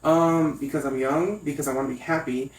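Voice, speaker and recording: A young man from Connecticut, a makeup artist telling his story as a guest in a casual interview, animated and quick to act out other people's voices. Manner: animated storyteller, acts out high voices when quoting others. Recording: echoey room, mic at a distance.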